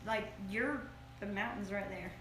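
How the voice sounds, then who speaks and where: A woman's voice: mid-range voice, measured pace, a bit bright, reverberant, far from the mic, slight background noise. A woman chatting casually and reacting with laughter. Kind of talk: casual chat.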